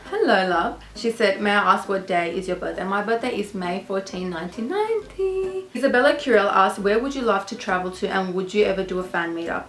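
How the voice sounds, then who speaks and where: A young woman with an Australian accent chats through a casual question-and-answer vlog, gushing and affectionate toward her viewers. Her voice has a gravelly edge of vocal fry. It sounds roomy and echoey, with soft music underneath. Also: mid-range voice. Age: young adult. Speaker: vlogger. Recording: echoey room with faint music.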